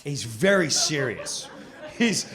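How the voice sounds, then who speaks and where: A middle-aged man doing animated stand-up storytelling. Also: a little high, slow pace, a crowd in the background. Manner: animated, breaks into character voices. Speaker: stand-up comedian.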